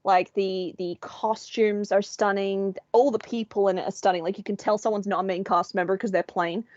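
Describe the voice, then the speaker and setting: A woman co-hosting a podcast, telling a story in an animated, sweary, laughing way. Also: medium pitch, moderate pace. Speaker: podcast co-host. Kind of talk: casual chat. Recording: dull, dry sound.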